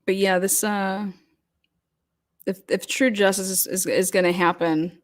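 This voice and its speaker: A woman's voice: medium pitch, steady tone, unhurried. A woman hosting a casual livestream chat, talking loosely with many fillers and restarts as she reads comments. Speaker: host.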